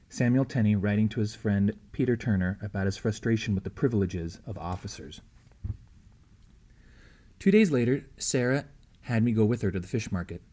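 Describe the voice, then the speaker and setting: A man reading a novel aloud as the audiobook narrator, with a measured, even storytelling delivery. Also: lowish voice. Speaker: audiobook reader.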